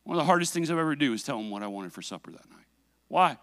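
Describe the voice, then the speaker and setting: High-voiced, animated preacher man. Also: very fast, dry recording. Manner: animated, self-mocking storytelling; asks the congregation questions. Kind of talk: sermon.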